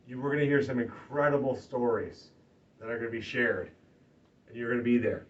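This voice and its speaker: A man's voice: mid-range voice, a little fast. Man giving an emphatic campaign speech. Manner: emphatic, swings from loud rallying to hushed earnest. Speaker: political candidate. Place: party office meeting room. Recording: distant lo-fi room recording, faint ambience.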